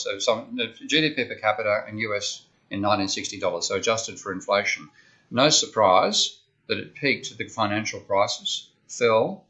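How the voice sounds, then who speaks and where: Bright-voiced man lecturing. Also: fairly low pitch. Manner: conversational, explains step by step with frequent "okay?". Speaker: economics lecturer. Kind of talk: university lecture. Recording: dull lo-fi lecture recording.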